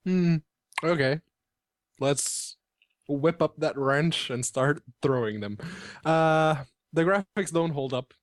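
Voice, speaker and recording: Laid back guy on a games podcast, kinda higher voice, laughs a lot, dry close sound. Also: slow, dry recording. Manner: laughs often, enthusiastic and easygoing. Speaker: podcast co-host reviewing games. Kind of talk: casual chat.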